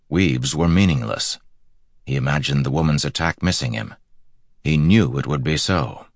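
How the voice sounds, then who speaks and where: A man with an extremely deep, low voice narrating a fantasy audiobook. He reads in a steady, measured way, recorded dry and close with no room sound. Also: creaky, no room sound.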